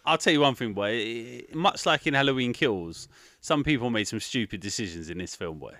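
A man's voice: medium pitch, animated, normal speed, a bit bright, no echo, clean studio sound. A young man, chatting casually and animatedly about a film as a podcast co-host, swearing and ranting in exasperation. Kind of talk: casual film review chat.

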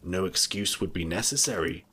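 A man voicing an angry, grim beast who rules a castle, speaking in a stern, menacing way in a deep voice. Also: animated, normal speed, sharp tone, a little hiss or hum.

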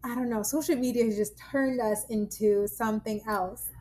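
Chatty woman with a slightly high voice. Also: fairly even intonation, moderate pace, dark tone. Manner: chatty, storytelling with quoted asides. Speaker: guest. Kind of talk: casual chat.

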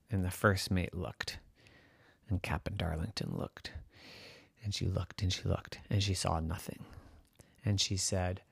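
A man telling a bedtime story in a soft, sing-song way. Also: low voice, steady tone, measured pace, creaky, pauses often, slightly rough, dry recording, studio quality.

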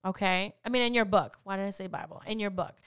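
A woman's voice: medium pitch, steady tone, quick pace, a bit bright, clear, resonant tone. A woman hosting a faith podcast, talking in an earnest, encouraging way and often repeating phrases for emphasis. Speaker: podcast host.

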